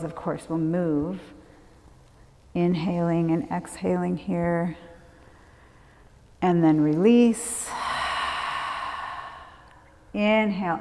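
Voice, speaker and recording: A woman leading a prenatal yoga class, giving calm, gentle movement and breath cues. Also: on the low side. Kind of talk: guided yoga class instruction. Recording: long hall reverb.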